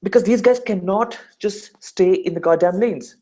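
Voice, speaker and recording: Young indian guy, fairly high voice, lively casual chat, keeps doing little mock voices. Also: normal speed. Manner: animated, does mock voices to make points. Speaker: discussion participant.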